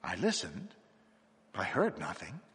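A man reads a dark horror story in a husky, bright-edged voice. His delivery is tense and dramatic, dropping low and climbing high, with a long hall reverb trailing each line. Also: huge pitch swings, unhurried. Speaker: narrator.

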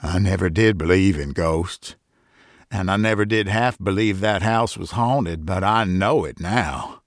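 A man voicing a talkative rustic country farmer with a folksy backwoods dialect, excitable and superstitious. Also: sits low, a little slow, no echo, studio quality. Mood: amazed.

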